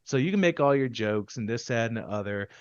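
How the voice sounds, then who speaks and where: A man on a podcast in a heated, profane rant, his voice jumping up loud and then sinking low. He sits at a middle pitch. The recording is dry and a little dull, with no room sound. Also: animated, clean tone, no echo. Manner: profane, ranting, quick bursts that then drop low. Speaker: podcast co-host. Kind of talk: heated casual chat.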